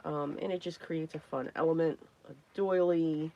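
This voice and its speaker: A woman hosting a casual crafting livestream, chatty and greeting viewers by name, her voice hoarse and worn from talking, often clearing her throat. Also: low voice, fairly even intonation, moderate pace, muffled recording. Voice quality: frequent throat clearing and coughs.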